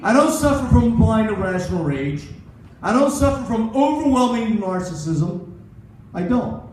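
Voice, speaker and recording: His voice sitting high and very animated, a man in his sixties rambles through a self-mocking stand-up routine at a moderate pace with a darkish tone. The comedy club echoes, and the distant recording carries slight background noise.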